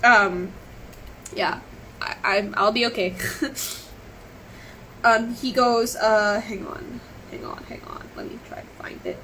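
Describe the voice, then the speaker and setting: A woman's voice: a little high, fairly even intonation, slow pace, long pauses, a bit bright, a little hiss or hum, poor audio. A woman telling her story on a live stream, shaken and close to tears, rambling, apologizing and restarting her sentences. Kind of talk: emotional live stream monologue.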